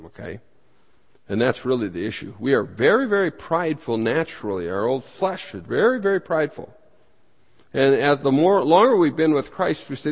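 A man's voice: expressive, normal speed. Emphatic male pastor in a reverberant hall. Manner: emphatic, with sudden rises in pitch and loudness; asks the room questions, then answers them himself. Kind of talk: sermon-style Bible study teaching. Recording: dull sound with long hall reverb.

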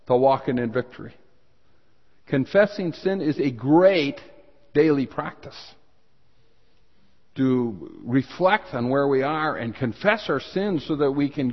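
A man preaching a sermon as pastor, earnest and rising in emphasis when he reads scripture. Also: medium pitch. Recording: dull sound with long hall reverb.

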